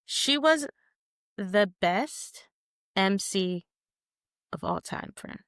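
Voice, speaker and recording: A young woman co-hosting a podcast in casual chat, animated and jokey, acting out quotes. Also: mid-range voice, drawn-out words, clear, resonant tone, no room sound, studio quality. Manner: animated, jokey, calls co-host "friend", acts out quotes. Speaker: podcast co-host.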